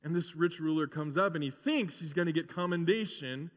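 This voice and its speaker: A man's voice: fairly high pitch, brisk, in a large hall. A man preaching a sermon as pastor, reading scripture and then talking conversationally, acting out bits of dialogue. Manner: conversational preaching with playful acted-out voices.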